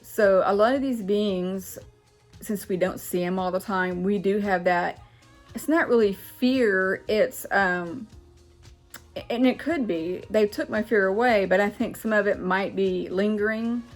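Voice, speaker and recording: A woman vlogging in casual chat to camera, excitable and chatty, getting loud when she is excited. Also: medium pitch, measured pace, faint music behind.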